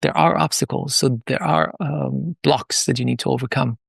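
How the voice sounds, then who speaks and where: A middle-aged man from Iran, a podcast guest, telling stories in an animated way with many fillers and restarts. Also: mid-range voice, moderate pace, gravelly, breathy edge, no echo, studio quality. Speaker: podcast guest, palm leaf reading moderator. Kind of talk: conversational interview storytelling.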